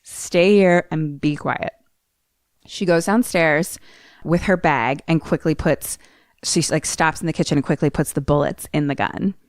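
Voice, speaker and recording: A woman's voice: normal speed, no echo, clean studio sound. A young woman co-hosting a podcast, casually retelling a movie plot scene by scene and acting out the characters' lines as she goes. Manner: animated retelling, acts out characters' lines with sudden jumps in pitch. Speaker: podcast co-host retelling a film.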